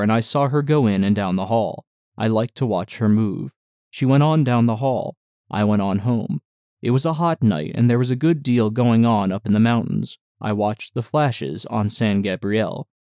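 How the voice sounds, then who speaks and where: A man's voice: mid-range voice, a little mellow, no room sound. Man reading a novel aloud, dry close voice. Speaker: audiobook narrator.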